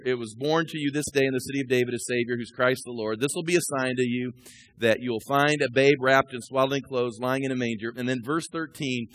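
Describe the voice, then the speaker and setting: A pastor in his sixties delivers a sermon in a medium-pitched voice, moving through scripture and personal anecdotes and climbing to loud, rising peaks.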